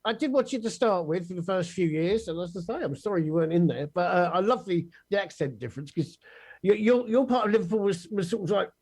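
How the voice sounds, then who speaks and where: A man's voice: high voice, expressive, fast, a little mellow, breathy edge. A male interview host who is enthusiastic and encouraging, giving frequent short responses. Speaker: show host.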